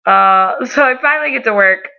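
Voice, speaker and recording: A young woman vlogger with a bright, sharp voice tells a story to camera in a chatty, theatrical way. She plays every moment up for drama. The audio is slightly muffled and lo-fi. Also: mid-range voice, normal speed, vocal fry. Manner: animated, over-the-top storyteller who dramatizes. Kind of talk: casual storytelling vlog.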